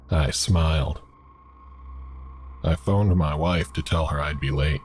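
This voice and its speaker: Super deep-voiced guy reading a scary story real slow, measured and deliberate. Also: a little mellow, a little hiss or hum. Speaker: horror story narrator. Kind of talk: scripted horror narration.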